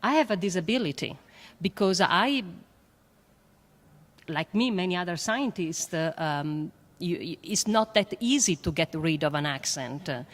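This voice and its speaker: A woman with a French accent speaks on a panel in a low voice, earnest and emphatic, pausing often on fillers. Her words ring with the long reverb of a large hall. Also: animated. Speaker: panelist, astrophysicist. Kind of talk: panel discussion.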